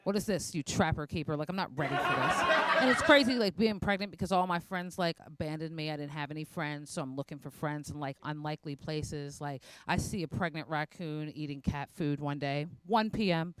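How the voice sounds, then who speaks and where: A woman's voice: low voice, fairly quick, few pauses, fairly bright tone, clear, resonant tone, dry recording. A young adult woman performing a stand-up comedy set, telling self-mocking stories with quoted asides.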